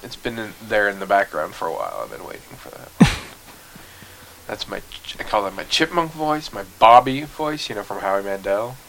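Lowish male podcast co-host, jokey. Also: big pitch swings, fairly quick, fairly bright tone, a little hiss or hum, low-quality recording. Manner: rambling, jokey, trails off into mumbles. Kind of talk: casual podcast chat.

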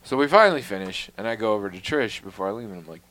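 A man with a fairly low voice chats casually, telling stories in a wry, self-deprecating way. He swears freely and drops to a mutter on his asides. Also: expressive, racing, a bit bright. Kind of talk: casual storytelling chat.

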